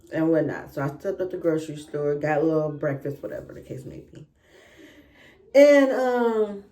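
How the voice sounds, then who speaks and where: A woman's voice: lowish voice, darkish tone. A young woman telling a personal story in a casual, chatty way, often checking in with "right?" and "y'all". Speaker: vlogger.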